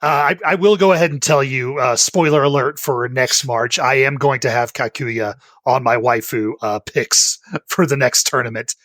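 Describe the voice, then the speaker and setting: A woman from Texas chatting on a casual gaming podcast. She tells stories in a relaxed way and laughs often. The sound is close and dry. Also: a bass voice, normal speed, hardly any pauses, no room sound. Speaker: podcast co-host.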